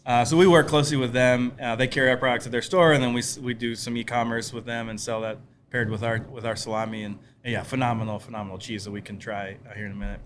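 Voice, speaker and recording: A man's voice: medium pitch, fast talker, few pauses. Man, charcuterie maker, easygoing explainer, casual talk, slight noise under the voice. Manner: relaxed, friendly explaining with many restarts. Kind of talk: casual conversation.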